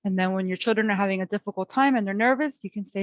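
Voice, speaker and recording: Gentle woman coaching parents. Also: medium pitch, very fast, hardly any pauses, no room sound, muffled recording. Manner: gentle, coaching, models soothing self-talk. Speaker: parent educator. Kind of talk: webinar teaching.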